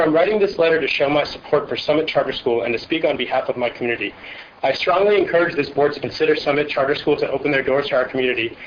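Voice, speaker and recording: Man at the podium racing through a letter; muffled meeting-room audio with faint hiss. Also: a little high. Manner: brisk, steady read-aloud delivery. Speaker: charter school staff reading a supporter's letter. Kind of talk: reading a letter aloud at public comment. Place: public board meeting room.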